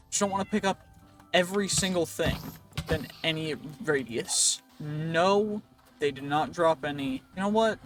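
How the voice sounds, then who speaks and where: A man's voice: fairly high pitch, fairly bright tone. A man hosting a let's play, talking to himself in a rambling, playful way as he goes, his voice a bit worn. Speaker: gaming channel host.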